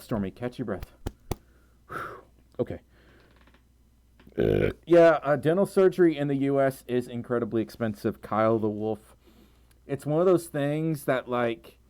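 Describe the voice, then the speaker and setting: A man's voice: mid-range voice, a little mellow. A man chatting casually on a livestream, reading out viewer donations. He talks in a chatty way and often stammers, repeating words.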